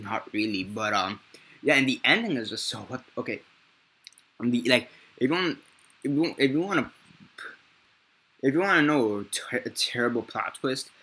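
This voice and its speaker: A man's voice: medium pitch, sharp tone. A man giving a casual, unscripted movie review, rambling and swearing freely and often correcting himself mid-sentence. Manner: rambling and profane, with frequent self-corrections.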